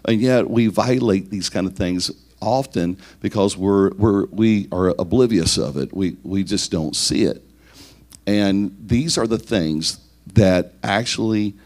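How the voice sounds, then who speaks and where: A man with a very low, deep voice gives a leadership teaching talk to church leaders. He counts off his points one by one. He poses questions to his listeners and often repeats a word as he goes. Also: unhurried, darkish tone. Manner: lists numbered points, asks rhetorical questions, repeats words.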